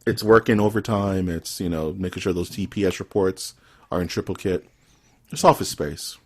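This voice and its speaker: A man's voice: low-pitched, fairly even intonation, moderate pace, slightly rough. A man hosting a podcast, chatting casually with friends in an upbeat, joking way. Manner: upbeat, joking, plays up his lines. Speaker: podcast host. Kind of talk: casual chat.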